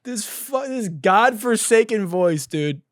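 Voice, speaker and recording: A man's voice: high voice, animated, takes it slowly, no room sound, clean studio sound. Exasperated, swearing male comedy podcast host. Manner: profane, exasperated, laughs a lot. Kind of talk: comedic commentary.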